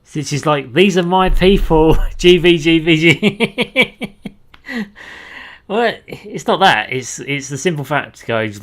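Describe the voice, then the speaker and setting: A man's voice: fairly low pitch, fairly bright tone. A man giving casual let's-play commentary in a chatty, rambling way with frequent laughs. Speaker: gaming streamer.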